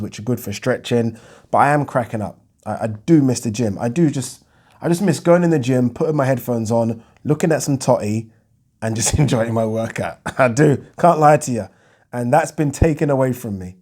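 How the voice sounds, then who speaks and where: A man with a warm, mid-range voice answers viewer questions in a casual vlog. He's chatty and loose, rambles, swears, and often cuts himself off mid-sentence.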